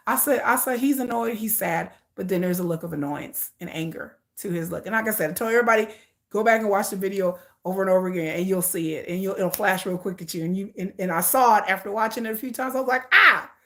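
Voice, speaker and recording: A woman's voice: mid-range voice, vocal fry. A woman hosting a casual live stream, talking in an emphatic, repetitive way and calling her viewers y'all. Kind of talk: casual livestream commentary.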